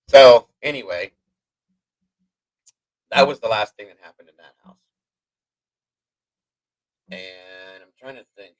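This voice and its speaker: A man hosting a live stream, telling a long personal story in a rambling, profane, animated way. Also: medium pitch, slow pace, pauses often, breathy edge, rough recording. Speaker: host. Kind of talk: livestream storytelling.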